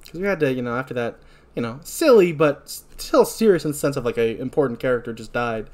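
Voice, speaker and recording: A man talks through an episode in easy podcast chat, his voice sitting at an ordinary middle pitch. He reads quoted lines plainly, then speeds up and pushes harder when a point riles him. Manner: reads episode notes and quotes dialogue flatly between asides; gets heated and fast when ranting. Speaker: podcast co-host. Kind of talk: casual podcast recap.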